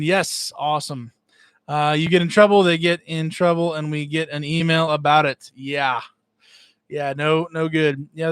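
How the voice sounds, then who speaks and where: A man's voice: a little high, fairly bright tone, clear, resonant tone, no room sound. A middle-aged man hosting a casual live stream from home, greeting chat viewers by name with lots of "uh" fillers. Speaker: livestream host. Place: at home, indoors.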